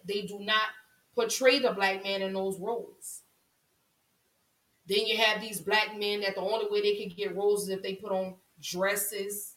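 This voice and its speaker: A woman's voice: medium pitch, flat delivery, normal speed, a bit bright. An impassioned woman talks straight to her viewers, repeating lines for emphasis as her feeling builds. Her voice sits back from the mic in a roomy, echoing space. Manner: impassioned, repetitive, voice rising with emotion. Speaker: vlogger. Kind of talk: emotional monologue to camera. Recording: roomy echo, voice from a distance.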